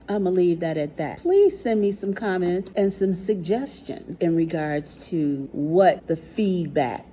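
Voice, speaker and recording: A woman's voice: lowish voice, measured pace, hardly any pauses, husky. A woman, a kid life coach telling stories casually and acting out the voices of the people in them. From Chicago. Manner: animated storytelling, acts out quoted voices. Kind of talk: casual talk to camera.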